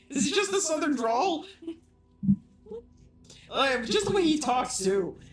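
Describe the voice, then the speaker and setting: A woman's voice: sits high, big pitch swings, slow pace, long pauses, faint music behind. A woman streaming a game, giving casual, chatty commentary and joking about the characters. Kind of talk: casual commentary while playing.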